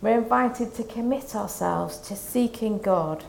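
A woman preaching a Lent sermon, reading scripture and reflecting in a calm, measured way. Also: a little high, gravelly, slight background noise.

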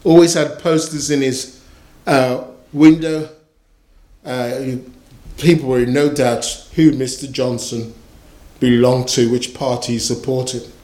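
A man's voice: mid-range voice, fairly even intonation, slow pace, a little mellow. A man preaching a sermon in a storytelling manner, repeating key phrases for emphasis. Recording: echoey room.

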